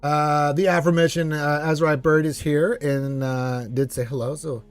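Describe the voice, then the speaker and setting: A man with a slightly higher voice hosts a casual gaming live stream, rambling through notes and reading chat aloud with playful asides. The sound is close and dry, with faint music under it. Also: steady tone, moderate pace, clear, resonant tone, no echo. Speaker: livestream host.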